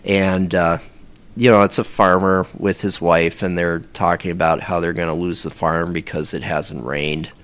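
A man with a fairly low voice chats in a relaxed interview. He talks haltingly, circling back and restarting his thoughts as he describes his own recordings. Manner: rambling, halting, many fillers and restarts. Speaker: audio performer interviewed about his work. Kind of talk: casual interview talk.

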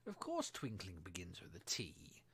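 A man voicing a blustering, threatening king in a storybook reading, raised in pitch and volume. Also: huge pitch swings, moderate pace, slight background noise, exaggerated voice. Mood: imperious. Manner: loud and imperious.

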